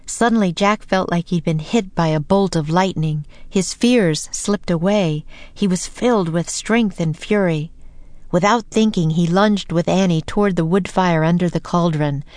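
A woman narrating a children's audiobook in a slow, deliberate reading voice. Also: fairly low pitch, darkish tone, no room sound.

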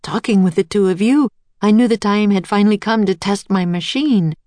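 A woman voicing a heartbroken older male inventor, speaking quietly and wearily in a storybook reading. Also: moderate pace, dry recording, close to an everyday voice. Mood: sorrowful. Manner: quiet, weary and low.

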